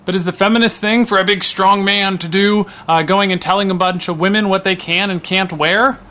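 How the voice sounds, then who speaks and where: Guy doing a sarcastic comedy rant, rambly with lots of ums, bright edgy voice. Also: sits high, fairly even intonation, brisk. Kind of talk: comic monologue.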